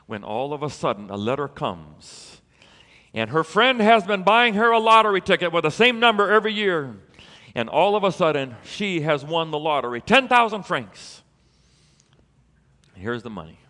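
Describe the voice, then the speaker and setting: A man preaching a sermon as a pastor, telling a story in an animated way and building to emphatic peaks. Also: on the high side, normal speed, long reverb tail.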